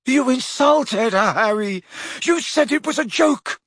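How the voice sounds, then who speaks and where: A man narrating a story and voicing a frantic, lovestruck teenage boy wizard in a high, strained voice. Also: a little slow, fairly bright tone, breathy edge, no room sound, studio quality, heavily acted. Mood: shouting.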